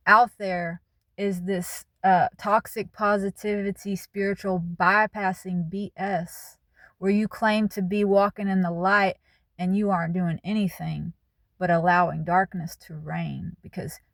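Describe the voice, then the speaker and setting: A woman's voice: medium pitch, creaky, dry recording. Candid, emphatic woman, dry close sound. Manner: candid, emphatic, plain-spoken. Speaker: channel host. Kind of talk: casual spoken monologue.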